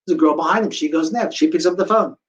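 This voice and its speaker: A middle-aged man recounts a survivor's story before a live audience in a slightly high voice. He tells it with lively energy and drops into the voices of the people he describes. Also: fast talker, lo-fi sound. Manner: animated, acts out the voices of people in his story. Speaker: guest speaker telling a survivor story.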